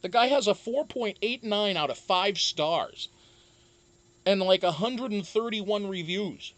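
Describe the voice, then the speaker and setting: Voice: medium pitch, unhurried. A livestream host chatting casually and reading viewer comments aloud, swearing freely, joking and laughing often, with frequent ums.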